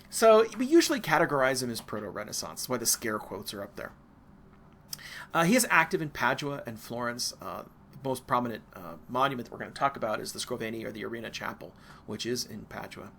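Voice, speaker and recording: American man, lecturer, bright tone, digressive, slight background noise. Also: medium pitch, expressive, brisk. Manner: casual, digressive, with asides and fillers. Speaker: art history lecturer. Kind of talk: recorded university lecture.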